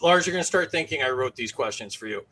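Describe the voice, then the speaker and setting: Bright-voiced man hosting a panel. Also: medium pitch, expressive, quick pace, a little hiss or hum, rough recording. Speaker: game show host. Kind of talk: casual online panel show.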